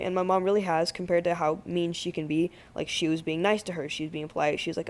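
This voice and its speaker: A man's voice: sits high, normal speed. A man recounting a story in a loose, casual way, peppered with slang and curse words. He piles on fillers and plays things up with big exaggerations. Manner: slangy, swears freely, lots of "like"; animated, exaggerated retelling. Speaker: gaming channel host.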